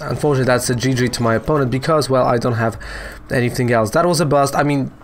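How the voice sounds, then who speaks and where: Casual game streamer, man, medium pitch, chatty and self-joking. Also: fast talker, slight background noise. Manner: chatty, peppers talk with "right?" and "you know"; joking, self-mocking asides. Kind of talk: casual gameplay commentary.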